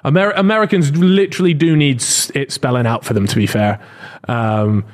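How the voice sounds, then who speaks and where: A man's voice: medium pitch, a little fast. A man hosting a podcast, chatty and teasing in casual conversation. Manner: chatty, teasing, animated storytelling. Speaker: podcast host. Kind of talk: casual chat.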